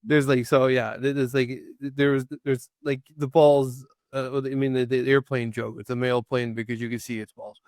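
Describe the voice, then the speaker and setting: A man's voice: medium pitch, level tone, normal speed, hardly any pauses, darkish tone, dry recording, clean studio sound. A man co-hosting a casual movie-review show, rambling with frequent restarts and laughing easily as he recounts scenes. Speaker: podcast co-host.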